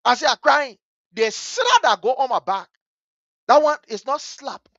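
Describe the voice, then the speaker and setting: A man with a Liberian English accent hosting a talk show. He tells a story with passion, swinging between hushed and loud. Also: extremely high pitch, huge pitch swings, normal speed, no echo, muffled recording. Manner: vivid, story-driven. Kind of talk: animated radio commentary with storytelling.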